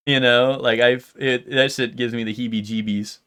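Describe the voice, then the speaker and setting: A man's voice: mid-range voice, steady tone, normal speed, fairly bright tone, clear, resonant tone. A young man streaming live, telling stories in a loose, rambling way full of fillers and swearing, and talking straight to his chat.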